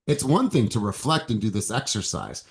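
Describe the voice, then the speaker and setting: A man's voice: on the low side, sing-song, moderate pace, creaky. A man leading a group coaching session, upbeat and encouraging, calling on participants by name. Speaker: sales coach.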